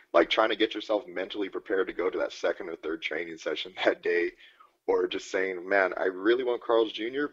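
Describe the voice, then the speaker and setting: A man's voice: sits low, slightly rough, lo-fi sound. A man co-hosting a podcast in rambling, profane casual chat, laughing often. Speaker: podcast co-host.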